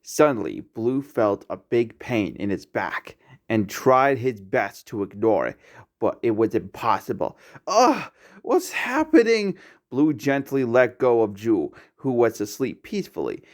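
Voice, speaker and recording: Slow, lively storyteller man. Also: fairly low pitch. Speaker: narrator. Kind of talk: amateur storybook reading.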